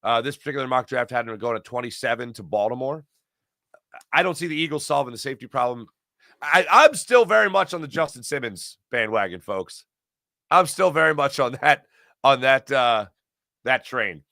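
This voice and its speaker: A man's voice: mid-range voice, animated, moderate pace, pushed and bright, no echo, clean studio sound. A middle-aged man hosting a casual sports talk livestream, energetically reading chat messages aloud and reacting to them. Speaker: sports talk show host.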